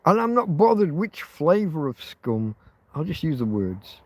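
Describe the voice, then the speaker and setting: A man's voice: on the high side, sing-song, unhurried, darkish tone, no room sound. A man hosting a rambling livestream, ranting heatedly with plenty of swearing and restarts. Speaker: livestream host.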